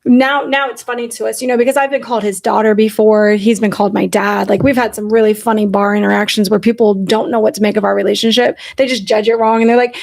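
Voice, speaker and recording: A woman's voice: fairly high pitch, a little fast, creaky. A woman in her forties, a podcast host telling candid stories in casual chat, blunt and profane. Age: 40s. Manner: blunt and profane, animated storytelling.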